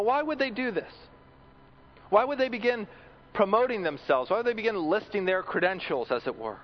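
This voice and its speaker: A man's voice: high voice, slight background noise. Male preacher, earnest sermon delivery with repeated words, muffled lo-fi recording. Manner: earnest, repeats words when building a point.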